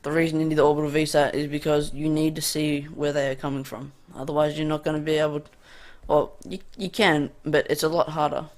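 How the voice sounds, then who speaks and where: A man's voice: a little high, flat delivery, fairly quick, hardly any pauses. A man with an Australian accent giving casual, rambling gameplay commentary with many ums, recorded on a cheap desk condenser mic at a home gaming setup. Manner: rambling, hesitant, full of ums. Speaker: gaming YouTuber. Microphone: cheap USB condenser desk mic.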